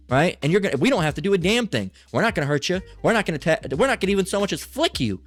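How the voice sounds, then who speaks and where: A man's voice: fairly high pitch, very animated, racing, no echo, faint music behind. A man giving an agitated, profane Bible lesson, ranting angrily and reading scripture between outbursts. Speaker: Bible teacher.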